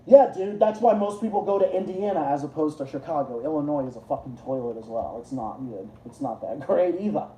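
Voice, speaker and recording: A man hosting a livestream, ranting in casual chat with lots of swearing and restarts, his voice jumping high whenever he gets worked up. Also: brisk, hardly any pauses, echoey room, a little hiss or hum, rough recording. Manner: profane, rambling rant with restarts; excitable, jumps high in pitch when worked up. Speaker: livestream host.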